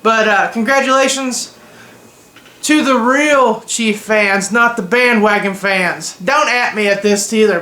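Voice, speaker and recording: A man's voice: very high-pitched, bright, forceful tone, echoey room. A young man giving opinionated, joking reactions in a casual, slangy vlog. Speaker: vlogger.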